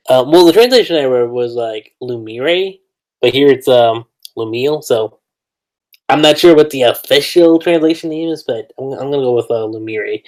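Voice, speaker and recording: This is a man chatting as a podcast host in an easygoing, excitable way. He trips over his words and restarts often, breaking into laughter between thoughts, with a voice at an ordinary middle pitch. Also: rough recording. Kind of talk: casual podcast discussion.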